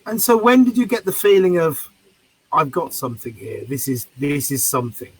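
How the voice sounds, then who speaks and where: A man who hosts a talk show asks his guest easygoing questions. His voice is husky and a touch high for a man. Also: sing-song, normal speed, low-quality recording. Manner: prompting, conversational questions. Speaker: podcast host. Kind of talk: interview questions.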